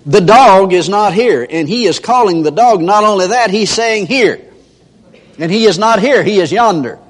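Older guy preaching, folksy stories, lively up-and-down voice, big reverby hall. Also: high voice, normal speed. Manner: folksy storytelling, acts out characters with a raised voice. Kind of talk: sermon.

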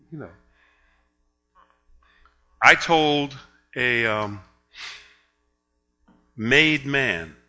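Bright-voiced preacher man, faint music. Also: medium pitch. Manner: storytelling with laughs, building to loud emphatic reading; drawn-out, slow reading of scripture. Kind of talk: sermon.

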